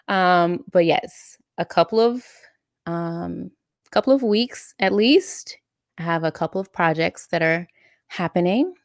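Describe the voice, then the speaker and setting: A woman's voice: on the low side, animated, unhurried, dry recording, clean studio sound. A woman hosting a casual live chat and reading out viewer comments, emotional and laughing often. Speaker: live-stream host and coach.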